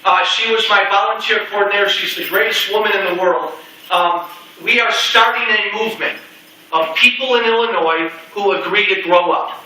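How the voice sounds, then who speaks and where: High-pitched and sharp, a middle-aged politician speaks at normal speed to a crowd, punching out repeated slogans with folksy touches. The room echoes and the microphone is set at a distance.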